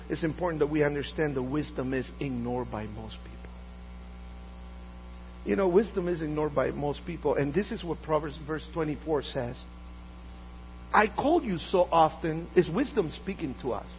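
A man in his fifties preaching a sermon as pastor, swinging between loud emphatic lines and quiet asides. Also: a little high. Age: 50s. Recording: dull lo-fi audio with faint mains hum.

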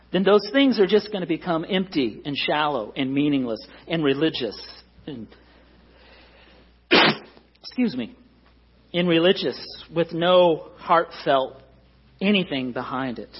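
Guy preaching, kinda husky, higher voice, earnest and pushing each point, muffled lo-fi recording. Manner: earnest, emphatic preaching with rising stresses. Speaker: pastor. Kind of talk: sermon.

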